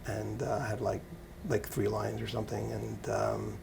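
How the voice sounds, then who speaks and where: A man with a low, heavily gravelly voice, answering interview questions in a loose, rambling way. He often laughs at himself, and his pitch stays fairly flat. A faint hiss sits under the recording. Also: moderate pace. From Canada. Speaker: interview guest, actor and musician. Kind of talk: casual interview.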